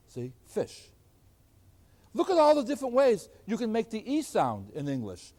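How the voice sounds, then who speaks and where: Animated, fairly high-voiced male math lecturer. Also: normal speed. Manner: animated, emphatic teacher. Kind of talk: classroom lecture.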